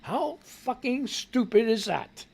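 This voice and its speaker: Male radio host with a gravelly, slightly rough voice; reads news copy, then rants sarcastically with profanity. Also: extremely high pitch, expressive, takes it slowly, darkish tone. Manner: sarcastic, profane ranting while reading news. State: voice not quite right. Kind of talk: live radio news commentary.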